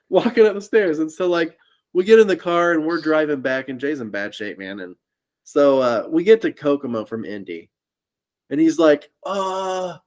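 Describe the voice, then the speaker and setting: A man with a slightly raised speaking voice tells a long, rambling story as a podcast co-host. He keeps breaking into laughter and slips into quick voices for the people he describes. His manner is loose and animated, like talk among friends. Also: a little high. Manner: laughs often through his own story. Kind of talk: casual storytelling chat.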